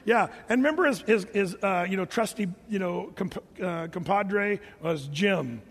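Older guy preaching a sermon, funny storytelling with sound effects, high voice, echoey hall. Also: normal speed, breathy edge. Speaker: pastor.

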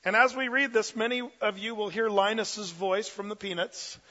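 Energetic, chatty male pastor with a high voice, recorded muffled in an echoing hall. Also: normal speed. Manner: energetic and conversational, many fillers. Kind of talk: sermon.

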